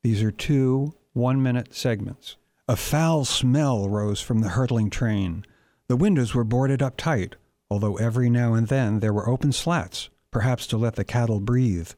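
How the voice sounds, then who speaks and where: A man, the author, reading his own novel aloud in a measured, deliberate way. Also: medium pitch, mellow, dry recording.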